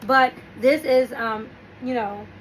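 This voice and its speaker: A woman's voice: a little high, steady tone, slow pace, a little hiss or hum, poor audio. A woman host talking casually and rambling through a story while giving relationship and self-help advice. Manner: rambling, restarts, storytelling with quoted asides.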